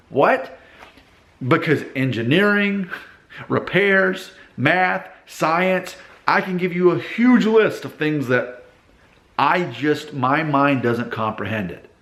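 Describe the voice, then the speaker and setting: A man's voice: a little high, fairly bright tone. Casual man talking in an echoey workshop. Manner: conversational, acts out quoted people in exaggerated voices. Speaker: vlogger giving advice. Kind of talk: casual advice monologue to camera. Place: his father's car repair shop.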